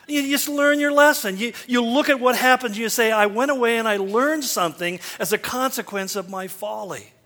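A man's voice: high voice, sharp tone. A middle-aged man preaching a sermon, telling folksy, self-deprecating stories. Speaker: pastor. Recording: long hall reverb.

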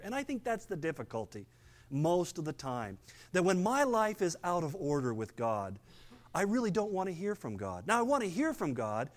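An older man giving a sermon as pastor, conversational, with playful asides and passages where he drops low and quiet for emphasis.

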